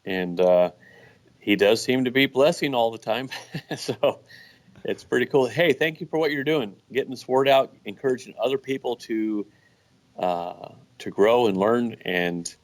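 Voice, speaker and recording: A man, a guest business owner, telling stories in a relaxed, casual way with many restarts. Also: mid-range voice, a little slow. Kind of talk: casual storytelling.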